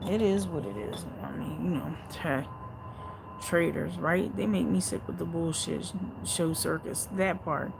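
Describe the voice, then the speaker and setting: A woman's voice: a little slow, vocal fry, noisy background. Blunt, profane woman hosting a livestream. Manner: blunt and heavily profane, reacting aloud to chat comments; swings from low muttering to loud exclaiming. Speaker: livestream host reading viewer chat. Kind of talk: casual livestream chat.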